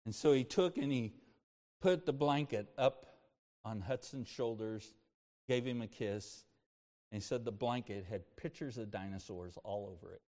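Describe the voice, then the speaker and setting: An older man preaching a sermon as pastor, moving between impassioned preaching and soft, personal storytelling. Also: mid-range voice, moderate pace, in a large hall.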